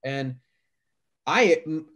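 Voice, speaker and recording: A young man co-hosting a casual podcast, his voice rising and falling in a lively, animated way. He talks in an easygoing manner, laughs along with his cohost and fills gaps with ums and likes. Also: fairly high pitch, drawn-out words, highs cut off. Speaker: podcast co-host. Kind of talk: casual chat.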